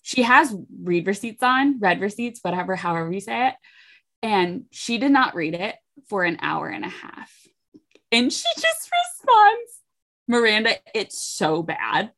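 This is a young woman co-hosting a chatty podcast. She tells family gossip in a lively storytelling way and voices each quoted person as she goes. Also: medium pitch, measured pace. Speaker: podcast co-host. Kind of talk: casual chat.

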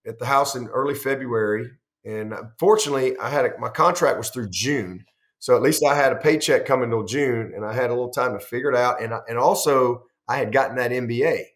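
Animated middle-aged man telling stories. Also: mid-range voice, brisk. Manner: animated, rambling, with frequent restarts and quoted dialogue. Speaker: head football coach. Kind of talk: storytelling in a conversational interview.

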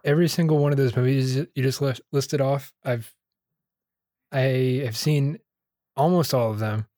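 A man's voice: medium pitch, fairly even intonation, moderate pace, dark tone, no echo. Joking man on a podcast, dry sound. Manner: joking, chatty. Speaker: podcast co-host. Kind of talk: casual podcast chat.

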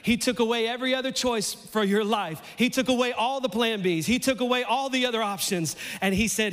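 A man preaching a sermon in a church, playful and animated, his voice climbing almost to a shout as he acts out lines. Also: very high-pitched, brisk, few pauses, long reverb tail. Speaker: pastor.

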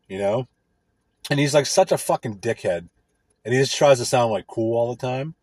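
A man in a casual, profane rant, crude, rambling and sarcastic, with a husky voice. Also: mid-range voice, lively intonation, brisk, darkish tone, dry recording.

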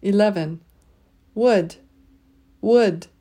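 A woman leading a pronunciation drill, saying each word twice and pausing so listeners can repeat. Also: medium pitch, mellow. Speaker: pronunciation teacher.

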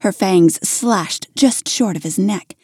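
Slow, mellow woman storyteller. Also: medium pitch, breathy edge, dry recording, clean studio sound. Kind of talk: erotic story narration.

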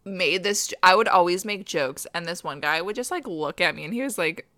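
Woman co-host, bright tone, chatty, self-mocking, dry sound. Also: lowish voice, expressive, fairly quick, no room sound. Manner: chatty, self-deprecating humor. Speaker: podcast co-host. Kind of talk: casual chat.

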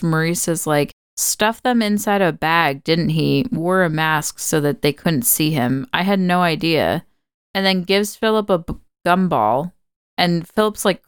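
A woman with a low, very clear and smooth voice talks through a film from her notes in relaxed podcast chat. She laughs often and swears freely. The sound is close and dry, with no room around it. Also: no room sound. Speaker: podcast co-host. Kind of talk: casual movie recap chat.

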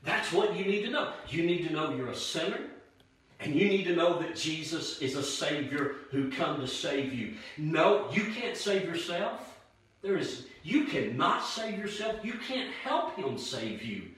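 A man preaching an evangelistic sermon, with emphatic, dramatic pauses. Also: on the high side, lively intonation, a bit bright. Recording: very echoey room, voice far from mic.

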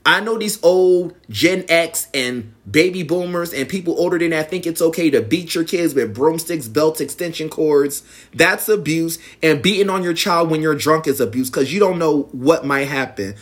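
A man's voice: a little high, moderate pace. A young man casually telling a personal story to viewers, acting out the quoted lines in a raised voice. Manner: animated, acts out quotes in raised voice.

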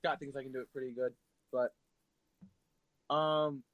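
A man's voice: mid-range voice, level tone, a little slow, no echo, muffled recording. A young man co-hosting a casual podcast chat, joking, teasing and rambling. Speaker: podcast co-host.

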